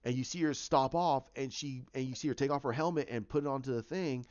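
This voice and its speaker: A man's voice: medium pitch, fast, a little mellow, no room sound. A man casually recapping a TV season, rambling with many restarts and fillers. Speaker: fan show host. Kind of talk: casual fan commentary. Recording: dull, lo-fi sound.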